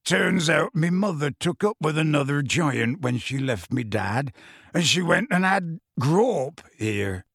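A man voicing a huge, gentle half-giant man who is anxious and close to tears, speaking in hushed, earnest tones with rustic grammar. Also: fairly high pitch, expressive, measured pace, vocal fry, breathy edge, no room sound, full character voice.

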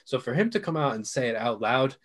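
A man's voice: mid-range voice, sing-song, fairly quick. A man co-hosting a casual sports podcast, rambling and repeating himself as he thinks aloud. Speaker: podcast co-host. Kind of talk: casual chat.

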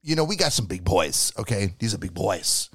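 A man's voice: lowish voice, normal speed, slightly rough, no echo, clean studio sound. A man hosting a casual wrestling recap chat, joking and swearing freely. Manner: animated, profane and joking.

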